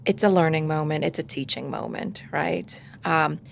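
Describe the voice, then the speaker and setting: Gravelly-voiced woman giving parenting advice. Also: low-pitched, moderate pace, a little hiss or hum. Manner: conversational, acts out parent and child voices. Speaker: parenting podcast guest expert. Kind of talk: casual advice chat.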